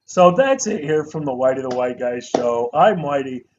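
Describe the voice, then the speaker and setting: A man co-hosting a casual movie review show, talking in an animated, profane way and mimicking actors. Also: medium pitch, normal speed. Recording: dull lo-fi sound with faint noise.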